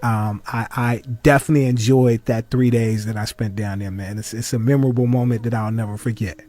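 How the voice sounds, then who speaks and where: Effusive radio host from Chicago. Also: male voice, medium pitch, steady tone, brisk, a little mellow. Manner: effusive, says "man" often. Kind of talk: interview questions.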